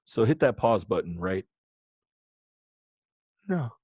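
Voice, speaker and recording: A man's voice: on the low side, takes it slowly, breathy edge, dry recording. A man teaching an online lesson in a playful, joking way, talking straight to his students. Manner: joking, animated, talks to students directly.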